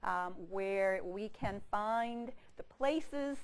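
A woman's voice: mid-range voice, very slow, smooth. A woman curator giving a chatty, good-humoured public lecture in a museum lecture room, speaking into a handheld microphone, with frequent fillers and restarts. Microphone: handheld microphone with a power pack.

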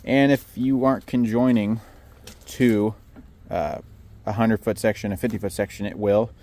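A man with a monotone voice giving a blunt, casual walkthrough of his work trailer, swearing freely and joking dryly at his own expense. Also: fairly low pitch, normal speed. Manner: blunt, casual, swears, dry self-mocking humor. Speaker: pressure washing business owner. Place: outdoors beside a work trailer.

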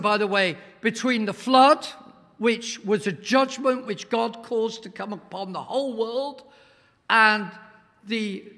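A man preaches to a congregation in a high, gravelly voice. He pushes his points hard and sometimes nearly shouts. Long reverb rings around him in the church hall. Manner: emphatic, swells to near-shouts, asks the congregation questions. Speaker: guest preacher. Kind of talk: sermon.

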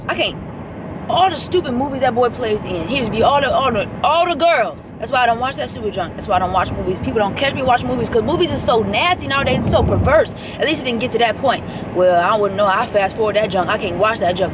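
A young woman chatting casually to her vlog camera, sassy and talkative, talking back at other drivers. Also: a little high. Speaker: vlogger. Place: in a car while driving, then at home. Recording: noisy car recording with wind.

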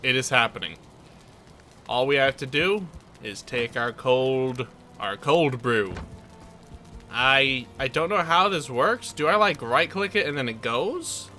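A man's voice: medium pitch, animated, takes it slowly, sharp tone, faint music behind. A man giving playful, chatty let's play commentary as he tours his game base, joking at his own expense. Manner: playful, chatty and self-mocking. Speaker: gaming channel host.

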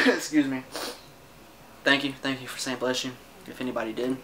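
A young man rants to his own camera, frustrated and defensive. His voice is bright and a bit sharp, with plenty of cursing and sentences he drops and starts again. The camera mic picks up a faint steady hiss. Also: medium pitch, moderate pace, low-quality recording. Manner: frustrated, defensive, swears often, trails off and restarts. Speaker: vlogger. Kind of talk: casual personal rant to camera.

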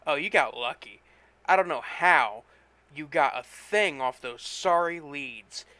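A man reading a story, voicing a gruff, dismissive office coworker in a bad mood. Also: a little high, lively intonation, measured pace, pushed and bright, no room sound. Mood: grumpy. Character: grumpy, sour male office coworker.

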